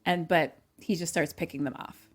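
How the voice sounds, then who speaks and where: A woman with a slightly low voice talks her way through a movie plot, leaning on fillers as she goes. She drops into quick impressions of the characters along the way. It comes across as a relaxed podcast chat. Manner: chatty, filler-heavy retelling with acted-out quotes. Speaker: podcast co-host. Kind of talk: casual chat recapping a movie.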